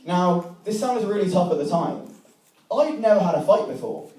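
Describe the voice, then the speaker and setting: A man's voice: sits high, expressive, moderate pace, mellow. Young man telling a comic story in an echoey hall. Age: young adult. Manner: self-mocking, swears freely, acts out remembered dialogue. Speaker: student speaker at a debating society. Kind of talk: comic storytelling to a live audience. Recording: echoey room, mic from a distance.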